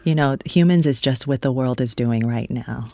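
Female public radio interviewer, calm measured questions, dry booth sound. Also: extremely low pitch, no room sound.

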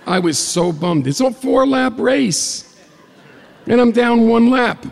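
An older man telling a comic personal story, animated and acting out the dialogue. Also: very high-pitched, takes it slowly, vocal fry. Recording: long hall reverb.

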